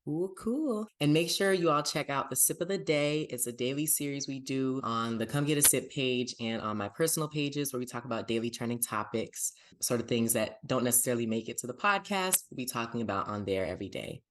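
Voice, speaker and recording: A man's voice: mid-range voice, lively intonation, fairly quick, few pauses, a bit bright. A man hosting a pop culture podcast, chatting upbeat and casual about TV and plugging his pages. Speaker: podcast host.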